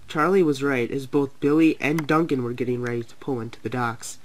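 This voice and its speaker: A man's voice: medium pitch, a little fast, few pauses, darkish tone, slight background noise. A young man narrating a homemade toy train story, voicing every engine himself with light voice changes. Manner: reads every character in lightly shifted voices.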